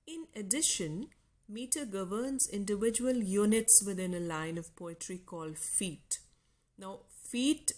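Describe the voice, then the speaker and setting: A woman with an Indian English accent giving a lecture to university students, explaining terms slowly and repeating key words. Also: mid-range voice.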